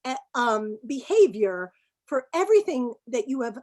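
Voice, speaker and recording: Animated, emphatic woman with a high voice. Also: normal speed. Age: middle-aged. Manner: emphatic, animated, laughs often. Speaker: business guest expert. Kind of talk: webinar interview answer.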